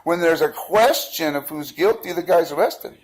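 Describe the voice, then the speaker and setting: A man who took part in a protest tells his personal story beside a busy street, wandering through it casually with fillers and restarts and voicing the others' quoted words. He speaks at a moderate pace in a fairly high voice, captured on a low-quality recording.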